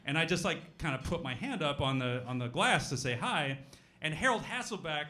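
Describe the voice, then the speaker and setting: A man's voice: a little high, lively intonation, a little fast, pushed and bright. A man from Denver, a guest player on a live stage show, telling a rambling anecdote with laughter. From Denver, USA.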